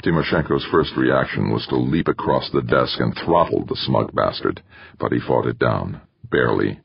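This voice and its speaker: A man narrating a novel as an audiobook in a measured, steady reading style. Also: extremely low pitch, gravelly, breathy edge, dry recording. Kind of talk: scripted narration. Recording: dry, slightly dull audio.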